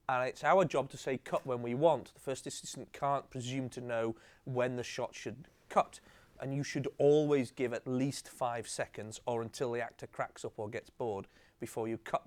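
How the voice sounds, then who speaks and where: Guy telling showbiz stories onstage, acts out the quotes, swears a bit. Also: medium pitch. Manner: lively storyteller, acts out quotes, swears casually. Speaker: TV comedy director giving a masterclass. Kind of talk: anecdotal stage conversation.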